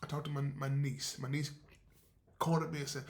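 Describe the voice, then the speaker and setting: A man's voice: a little high, level tone, brisk, slight background noise. An older man hosting a podcast, telling a story casually and animatedly, repeating phrases for emphasis. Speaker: podcast host.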